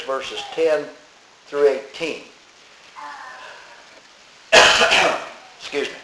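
A man preaching a sermon as pastor, plain-spoken, reading scripture slowly and stressing key words. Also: a little high, reverberant, slight background noise, low-quality recording.

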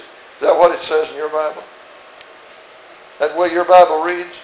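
A man preaching an expository sermon in a church, emphatic, asking rhetorical questions and swinging between soft asides and raised outbursts. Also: fairly high pitch, level tone, moderate pace, pauses often. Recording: roomy echo.

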